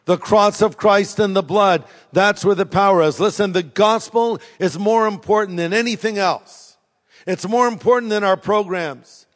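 A male pastor preaches with a humorous, emphatic storytelling manner. His voice sits high for a man. A long reverb from a large church hall trails each phrase. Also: moderate pace. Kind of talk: sermon. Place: church sanctuary.

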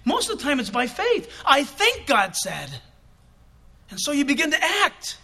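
A middle-aged man preaching a sermon as pastor, animated, acting out quotes with sudden loud bursts. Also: very high voice, a little slow, creaky.

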